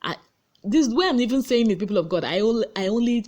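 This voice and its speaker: Animated Nigerian woman gossiping late at night. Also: fast. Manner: animated storyteller, acting out quotes with big pitch jumps. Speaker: gossip vlogger. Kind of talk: casual chatty recap. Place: her room at home.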